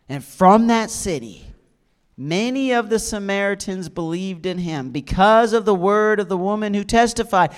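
Lively high-voiced male preacher. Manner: lively, jokey storyteller who acts out dialogue. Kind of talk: humorous storytelling sermon.

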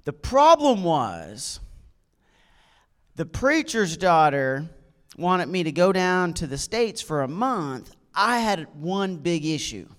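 A man with a Canadian accent softened by a hint of Southern drawl gives a church talk as a chatty personal testimony. His voice sits somewhat high for a man and sounds smooth and resonant. He tells his story with easy humor. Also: very animated, slow. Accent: Canadian with a slight Southern drawl. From Nova Scotia, Canada. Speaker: guest speaker at a church.

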